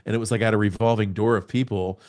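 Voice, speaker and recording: Animated low-voiced man telling a story. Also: rapid-fire. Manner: animated storyteller, acts out scenes with sound words. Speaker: podcast guest. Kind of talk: personal testimony in conversation.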